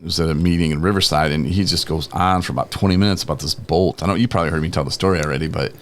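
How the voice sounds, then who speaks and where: A man with a rumbling low voice talks very fast on a recovery talk show, with a little hiss or hum in the recording from the podcast studio. He rambles through stories, laughing casually and acting out what other people said in lively voices.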